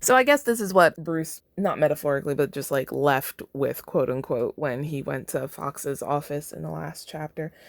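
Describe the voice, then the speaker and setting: A woman's voice: low-pitched, moderate pace, vocal fry, hardly any pauses, dry recording, clean studio sound. An American woman hosting a podcast, casually commenting on her own fan fiction with lots of "like" and laughter. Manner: chatty, lots of "like", breaks into laughter. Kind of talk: casual commentary and read-aloud.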